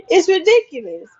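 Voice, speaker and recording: A woman's voice: very high voice, darkish tone, highs cut off. A woman ranting casually to the camera, repeating herself for emphasis and speaking straight to the viewer.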